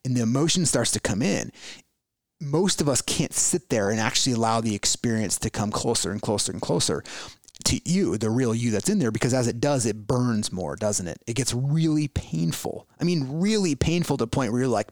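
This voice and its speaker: Man, podcast host, reflective spiritual talk, mid-pitched voice, dry close sound. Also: lively intonation, a little fast, dry recording. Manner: reflective, full of rhetorical questions and restarts.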